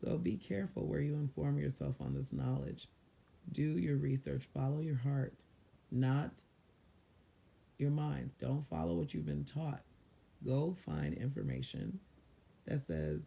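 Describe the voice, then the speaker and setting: Gravelly dark-voiced man giving life advice. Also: medium pitch, animated, unhurried. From San Diego, California. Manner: conversational, loose, talks to viewers directly. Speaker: mindfulness vlogger. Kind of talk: casual motivational talk.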